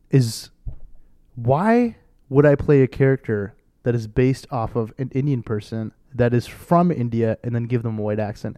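A young man co-hosting a podcast, chatting casually and telling stories in an animated way, swearing freely. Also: mid-range voice. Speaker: podcast co-host.

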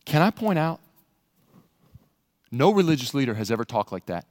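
A male pastor preaching a sermon in a church, animated and rising to near-shouts for emphasis. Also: medium pitch, normal speed, big-room sound. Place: church sanctuary.

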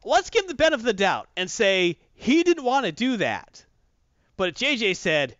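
A man's voice: sits high, very animated, moderate pace, fairly bright tone, no room sound. A man giving a blunt, profane, mocking review of a comic book in casual chat. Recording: dull dry close-mic sound.

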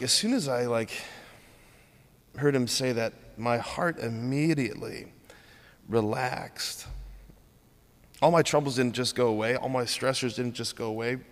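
A man, a priest, giving an informal, earnest homily full of "like". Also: mid-range voice. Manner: earnest, informal, heavy use of "like". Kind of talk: conversational homily. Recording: long church reverb.

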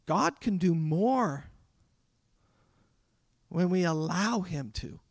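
A man delivering a sermon as a pastor, talking conversationally with dramatic pauses. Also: sits high, lively intonation, no echo, studio quality. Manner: conversational preaching with dramatic pauses and acted quotes.

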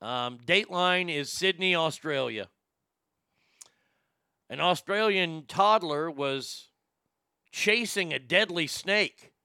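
A man's voice: on the high side, lively intonation, slow pace, long pauses, pushed and bright, clean tone, dry recording. A man co-hosting a podcast, rambling through news stories in crude, profane, casual commentary. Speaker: podcast co-host.

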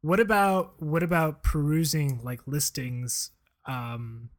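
A man's voice: fairly high pitch, expressive, slow pace. A man co-hosting a podcast in casual chat, making brief hesitant remarks and laughing along. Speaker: podcast co-host.

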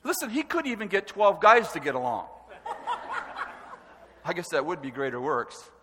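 A man preaching a sermon with animated, emphatic delivery and stresses that rise to a shout. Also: a little high, moderate pace, noisy background. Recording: long hall reverb.

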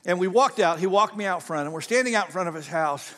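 Male pastor, higher voice, folksy and conversational, church sanctuary with long hall echo. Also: lively intonation, quick pace, fairly bright tone. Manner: folksy, conversational storytelling with frequent restarts. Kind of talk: sermon. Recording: long reverb of a large hall.

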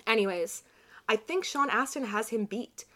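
A young woman in her twenties chatting casually, telling a lively story with quick asides. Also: a little high. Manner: animated storyteller, quick asides and quoted voices. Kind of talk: casual chat.

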